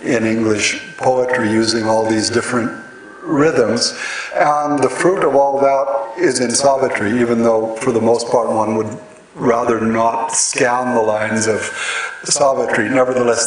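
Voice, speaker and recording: A man giving a lecture on poetic meter, speaking slowly and haltingly with many fillers and restarts. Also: medium pitch, fairly even intonation. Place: large hall with an audience. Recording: echoey hall, mic at a distance, audience noise.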